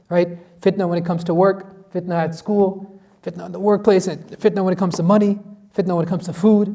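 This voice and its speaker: Guy imam giving a quick lively lesson, high-ish voice but mellow, asks the crowd questions a lot. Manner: animated storytelling, rhetorical questions, acts out quotes. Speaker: imam teaching tafsir. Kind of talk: conversational Quran lesson.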